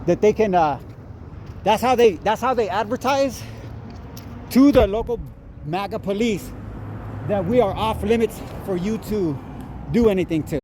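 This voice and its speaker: A tired-sounding man films cars on his phone camera, slowly reading out their license plates while delivering profane, confrontational street commentary. His voice is high and mellow, with a little hiss or hum in the recording.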